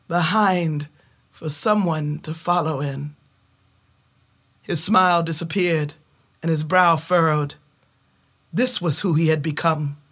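A woman telling a folk tale in a measured way, with dramatic pauses. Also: on the low side. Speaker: storyteller. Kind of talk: oral storytelling.

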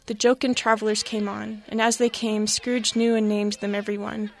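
A woman reading a classic story aloud in an expressive, dramatic way. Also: medium pitch, normal speed, creaky.

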